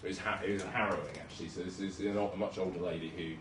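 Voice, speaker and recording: A young junior doctor with a low, steady, slightly bright voice gives a casual slide presentation, talking fast and self-deprecatingly about his work with lots of ums and restarts. He's chatty and hesitant, heard from a distance in an echoey hall with a little room noise.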